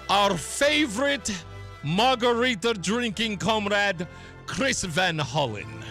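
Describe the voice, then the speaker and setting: Male host doing a slow, high, mocking Russian-accented announcer for a talk radio parody. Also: pushed and bright, heavily acted. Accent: put-on Russian accent. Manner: mocking, theatrical, chuckling. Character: mock Soviet announcer man, gloating.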